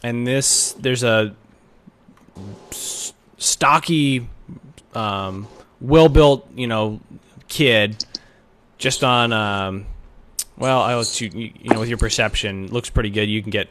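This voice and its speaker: A man's voice: mid-range voice, slow, a bit bright. A man narrating a tabletop game as game master, rambling with many fillers.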